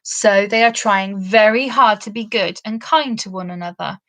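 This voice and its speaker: A woman reading a children's storybook aloud, expressive and lilting. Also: medium pitch, moderate pace, no room sound. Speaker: storybook reader.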